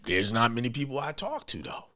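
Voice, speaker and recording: A man's voice: medium pitch, very animated, fairly quick, sharp tone, no echo, clean studio sound. Emphatic man giving a blunt sermon. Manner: emphatic, repetitive, talks straight and blunt. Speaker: spiritual speaker. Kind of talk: informal motivational sermon.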